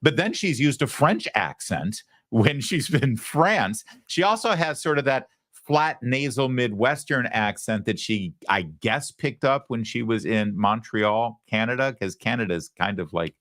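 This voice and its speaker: A man's voice: medium pitch, animated, unhurried, hardly any pauses, fairly bright tone, dry recording, clean studio sound. A man hosting a political talk show, delivering opinionated commentary in a sarcastic, mocking, emphatic way.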